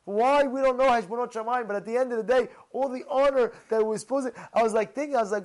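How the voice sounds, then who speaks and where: A man, a rabbi, giving an animated storytelling Torah talk, repeating his phrases and mixing in Hebrew terms. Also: extremely high pitch, fast, hardly any pauses, rough recording.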